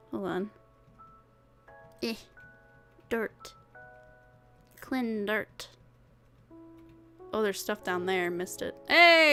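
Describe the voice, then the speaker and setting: Playing a cleaning game on stream, a young woman keeps up casual chat, rambling, fumbling words and laughing a lot. Her slightly high voice is bright, smooth and forceful.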